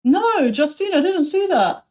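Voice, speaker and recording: A woman's voice: very high voice, big pitch swings, measured pace, darkish tone. A woman hosting a livestream in casual chat, brash and foul-mouthed, often laughing. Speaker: livestream host.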